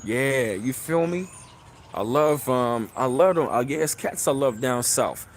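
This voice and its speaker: Rambling, animated New man. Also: measured pace, slight background noise. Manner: animated, gets louder and higher when excited; loose, rambling, repeats phrases like "you know what I'm saying". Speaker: channel host. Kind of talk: casual talk to a live stream.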